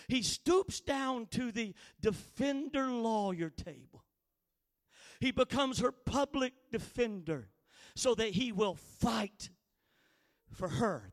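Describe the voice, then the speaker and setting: A man preaching a sermon, reading scripture slowly and building to impassioned, shouted emphasis. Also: high voice. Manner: reads scripture slowly and deliberately.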